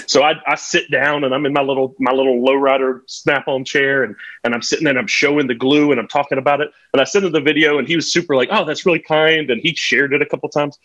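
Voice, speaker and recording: A man's voice: mid-range voice, fairly bright tone, dry recording. A man guest telling a chatty story about a tool in a casual conversation. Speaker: guest technician. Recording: dull lo-fi audio.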